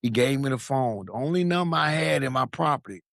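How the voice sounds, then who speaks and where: Speaking a little fast in a gravelly, medium-pitched voice, a Long Beach, California man recounts his story as a podcast guest. He's casual and animated, swears a lot, and imitates the people he quotes, all captured in echo-free studio quality.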